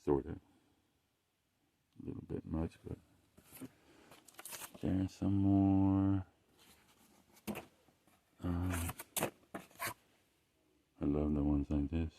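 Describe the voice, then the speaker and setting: A man with a somewhat low voice rambles through a casual monologue while showing off his artwork. He swears constantly and keeps breaking off and restarting his sentences. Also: fairly even intonation, creaky, narrow, tinny audio, a little hiss or hum. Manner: profane, rambling, halting restarts. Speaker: artist showing his work.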